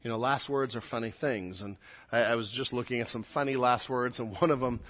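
A man's voice: medium pitch, brisk, fairly bright tone. A pastor preaching a sermon to his congregation. He is earnest and emphatic, and he repeats words as he builds his points.

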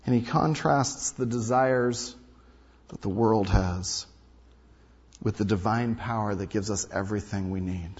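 A male pastor preaching a sermon, emphatic, repeating key lines and swinging between loud and hushed delivery. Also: lowish voice, a little slow, breathy edge. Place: large hall or sanctuary. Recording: dull sound with long hall reverb.

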